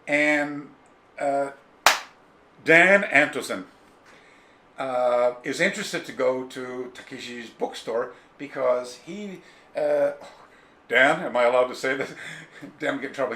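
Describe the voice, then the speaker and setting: A man with a medium-pitched, slightly slow voice, a karate author being interviewed, spins a long story casually and with lots of animation, wandering off on tangents and mimicking characters. The echoey room at his home has faint ambience, and there's a bit of hiss or hum on the recording.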